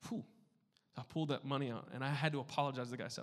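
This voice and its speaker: A man preaches in a church sanctuary, his mid-range voice trailing off into the long reverb of a large hall. He talks like a conversational pastor, tossing in playful asides, then dropping into hushed, earnest tones before building back to loud emphasis. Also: medium pitch, very fast. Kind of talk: sermon.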